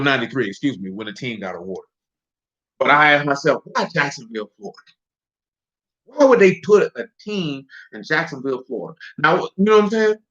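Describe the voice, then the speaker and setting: Animated preacher man, lo-fi sound. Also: medium pitch. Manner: animated, jokey asides and rhetorical questions. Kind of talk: casual street-talk sermon. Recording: dull lo-fi recording.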